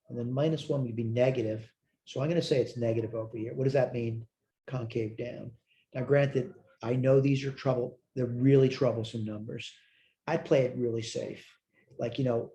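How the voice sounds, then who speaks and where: A tired male math instructor with a medium-pitched, dark voice teaches a recorded lecture. He thinks aloud while working problems, correcting himself and answering his own questions.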